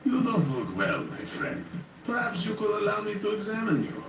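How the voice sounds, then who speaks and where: A smooth, well-mannered plague doctor speaks with courteous menace, as a man puts him on in a horror story. The voice rides higher and lively, in a roomy space, picked up from a distance with faint noise behind. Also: moderate pace, over music. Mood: polite. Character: polished, polite sinister plague doctor, adult man.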